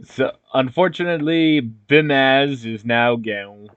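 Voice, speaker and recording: A man's voice: medium pitch, unhurried, a bit bright, clean tone, no room sound. A young man hosting a video game tournament, commentating in an easygoing, matter-of-fact way. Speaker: tournament host. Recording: dull, dry mic sound.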